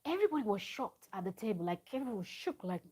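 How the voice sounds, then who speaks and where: A woman talks through a reality show recap in a loose, rambling way. Her voice has a husky, breathy edge at a middle pitch. She speaks from home and restarts her sentences often. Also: very animated, fast talker, darkish tone, rough recording. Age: adult parent of a small child. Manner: chatty, rambling, many fillers and restarts. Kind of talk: casual recap chat.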